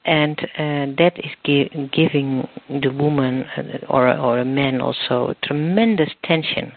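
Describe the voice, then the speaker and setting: A man's voice: medium pitch, measured pace, creaky. A man being interviewed as a guest expert, explaining at length while searching for words and restarting often. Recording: tinny phone line.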